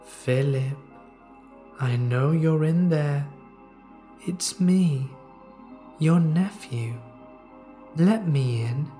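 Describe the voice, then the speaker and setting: A man voicing an inhuman thing that mimics a man, speaking in a hauntingly calm, clear, emotionless way. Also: fairly high pitch, drawn-out words, long pauses, soft background music. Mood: eerily calm.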